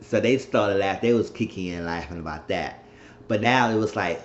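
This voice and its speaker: Male vlogger, lowish voice, loose animated recap style; roomy, lo-fi room sound. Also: normal speed. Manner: rambling, animated retelling with mimicked quotes. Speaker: reality show recap vlogger. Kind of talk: casual episode recap. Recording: roomy, dull lo-fi sound with faint noise.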